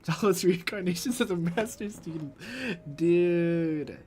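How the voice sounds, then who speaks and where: A young man in his twenties chatting casually on a stream and reading chat aloud. He is excitable and swings from low mutters into loud shrieks. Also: a little slow, slight background noise. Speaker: VTuber streamer.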